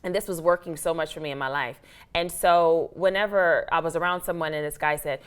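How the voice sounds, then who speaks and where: A woman with an American accent, an actress and author telling her story as an interview guest, animated and acting out her own past thoughts. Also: deep voice, fairly quick, clean tone. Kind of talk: casual interview talk.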